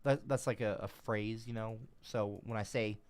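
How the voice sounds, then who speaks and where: A man's voice: on the low side, steady tone, normal speed, smooth. A man livestreaming, talking casually to his chat, rambling and irritable, swearing often.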